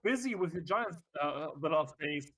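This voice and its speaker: Man, high and cheerful, quick to laugh, mic set well back. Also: animated, fairly bright tone. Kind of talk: casual chat. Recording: distant mic.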